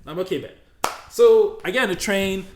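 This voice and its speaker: A man's voice: high voice, fairly quick, roomy sound, a little hiss or hum. A man co-hosting a casual podcast, telling a rambling story packed with "like". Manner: rambling storyteller, heavy use of "like", animated when acting out scenes. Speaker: podcast co-host. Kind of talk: casual chat.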